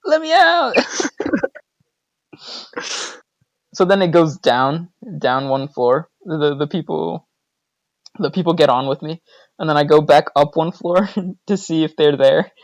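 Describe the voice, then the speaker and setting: A man's voice: fairly high pitch, normal speed, dry recording, low-quality recording. A man co-hosting a podcast, telling a childhood story in a casual chat and laughing often as he goes. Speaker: podcast co-host.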